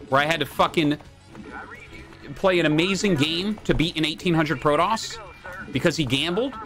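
A man streaming a game live, ranting and swearing at his opponents and his chat. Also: on the high side. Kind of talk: live gameplay commentary.

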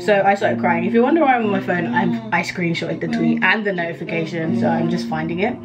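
A woman's voice: fairly low pitch, brisk. A young woman, a university student, chatting casually to her camera in her student kitchen in a gushing way full of "like" fillers. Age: young adult. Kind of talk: casual vlog chat to camera. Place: kitchen in student accommodation, indoors. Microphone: handheld camera or phone. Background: music playing under the voice.

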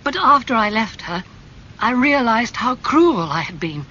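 Man voicing a young man, anguished, impulsive, high strained cries, faint rumble. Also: sing-song, measured pace, pushed and bright, dull audio, heavily acted. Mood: desperate.

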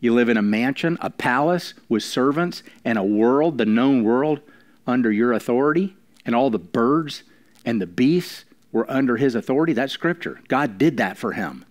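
A man pastor preaching a sermon, slowing down for emphasis and dropping to quiet, intimate lines between louder emphatic ones. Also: medium pitch, animated. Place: church.

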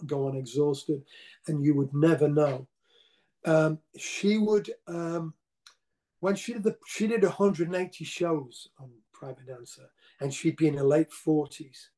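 An older man telling casual, rambling stories as an interview guest, with frequent restarts. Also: on the high side. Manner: rambling, animated anecdotes with repeated restarts. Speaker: interview guest, rock singer. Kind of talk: casual storytelling.

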